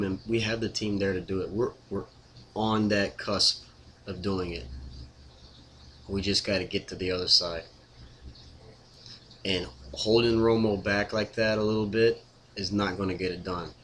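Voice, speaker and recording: A man's voice: low-pitched, pushed and bright, a little hiss or hum. A man ranting casually to camera as a sports fan, exasperated, repetitive and blunt.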